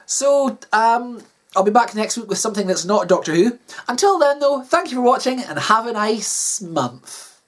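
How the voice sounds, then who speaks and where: A man's voice: very high voice, sing-song, moderate pace, a bit bright. Rambling male YouTuber. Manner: rambling, repeats words while searching for them. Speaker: YouTuber host. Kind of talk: casual video outro.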